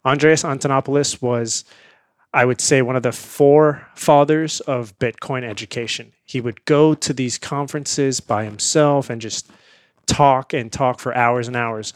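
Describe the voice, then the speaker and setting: A man's voice: medium pitch, a little slow, no room sound. Dry-voiced man telling a story. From India. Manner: lively anecdotal, laughs often. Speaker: guest. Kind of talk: casual storytelling interview.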